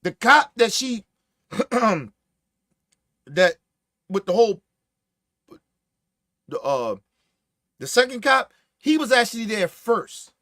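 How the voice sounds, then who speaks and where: A man hosting a podcast, telling stories in casual, profane, animated commentary and acting out what others said. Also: very high-pitched, takes it slowly, pauses often, no room sound, studio quality. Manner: profane, animated storytelling with acted-out quotes. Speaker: podcast host.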